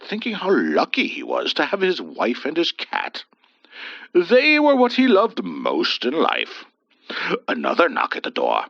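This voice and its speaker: A man's voice: a little high, creaky, bright, forceful tone, no room sound. A man narrating a scripted horror story with a theatrical, swooping delivery. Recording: dull dry lo-fi voice.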